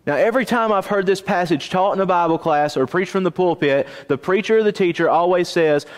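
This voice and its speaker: Animated man teaching a church Bible class. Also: high-pitched, brisk, hardly any pauses. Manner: animated, asks the class questions. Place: church auditorium. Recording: long reverb of a church auditorium.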